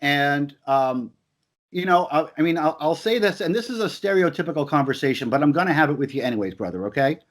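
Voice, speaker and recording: A man's voice: fairly high pitch, animated, fast. A man in a heated conversational discussion, talking emphatically and repeating his points with stammered restarts.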